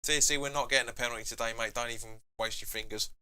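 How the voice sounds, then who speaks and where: A man's voice: mid-range voice, fairly even intonation, rapid-fire, sharp tone, clear, resonant tone. A man hosting a live football watch-along, chatting casually and reading viewer comments aloud between reactions to the match. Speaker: fan channel host.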